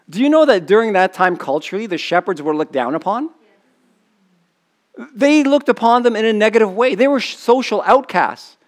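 A man preaching a sermon in a conversational way, often asking the congregation questions. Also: high-pitched. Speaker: pastor.

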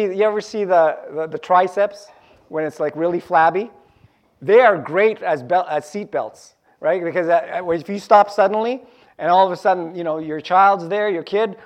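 A man preaching a sermon to his congregation, lively and jokey, repeating key phrases for emphasis. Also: high-pitched. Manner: animated, joking asides, repeats key phrases. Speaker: pastor.

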